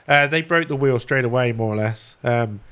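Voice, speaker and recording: A man streaming a game live, quickly ordering his crew around and reading the game's text aloud. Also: mid-range voice, a bit bright, clear, resonant tone. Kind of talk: live gameplay commentary.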